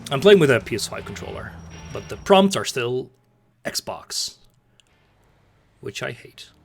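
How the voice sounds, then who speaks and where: A young Dutch man rambles casually while streaming a game, chatty and full of fillers and restarts. His medium-pitched voice swings widely in pitch at a measured pace, with vocal fry. A little hiss or hum sits in the recording, with faint game sounds in the background.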